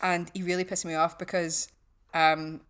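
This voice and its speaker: A woman with a Northern Irish accent, telling swearing, lively stories in a casual podcast chat. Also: lowish voice, moderate pace, clear, resonant tone. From West Belfast, Northern Ireland. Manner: swearing storyteller, acts out quotes. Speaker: guest.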